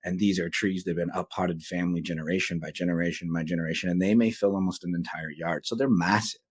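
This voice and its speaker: A man's voice: deep voice, steady tone, fast, husky. A man speaking as a guest on a casual podcast, explaining earnestly and often checking in with "right?".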